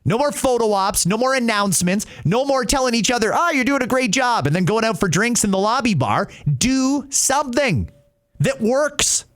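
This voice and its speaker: Ranting high-voiced male commentator. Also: sing-song, normal speed, fairly bright tone. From Canada. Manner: indignant, ranting. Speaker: podcast host. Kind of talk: opinion commentary.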